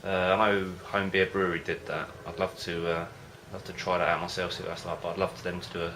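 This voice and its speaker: A man's voice: low-pitched, little pitch movement, fast talker, a bit bright, a little hiss or hum. A man vlogging about home brewing in a casual, rambling way, often hesitating and losing his thread. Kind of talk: casual rambling chat to camera.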